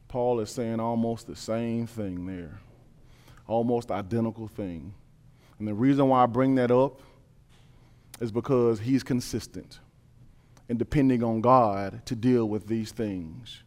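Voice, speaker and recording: A man preaching a sermon, reading scripture and building to emphatic, repeated points. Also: unhurried. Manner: builds from calm reading to loud, high-pitched emphatic preaching.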